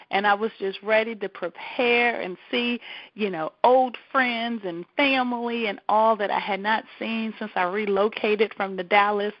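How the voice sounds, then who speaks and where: A woman's voice: mid-range voice, dry recording, muffled recording. A woman hosting a talk radio show, speaking in an emphatic, repetitive and emotional personal monologue.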